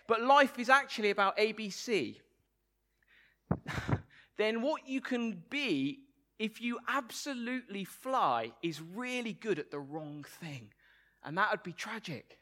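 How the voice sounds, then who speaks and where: A man's voice: high voice, sing-song, unhurried, pushed and bright. A man preaching a Sunday sermon, playful and asking the congregation questions.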